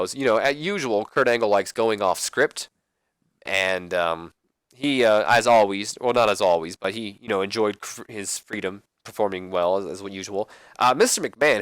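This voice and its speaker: A man's voice: fairly low pitch, fairly bright tone, no room sound. A young man hosting a let's play, commenting casually in a rambling, hesitant way. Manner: rambling, hesitant, many fillers.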